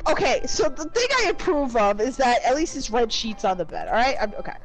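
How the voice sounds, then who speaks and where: A young woman playing a game on stream, loud and swearing, laughing and exasperated. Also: fairly high pitch, very animated, a little fast, rough recording. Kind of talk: casual let's-play reactions. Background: game music.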